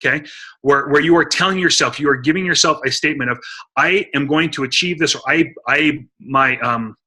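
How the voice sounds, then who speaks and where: A middle-aged man giving an energetic coaching talk to a sales team on a conference call, urging listeners he calls guys. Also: on the high side, brisk, breathy edge. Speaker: motivational speaker on a team call. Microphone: phone or computer mic on a conference call.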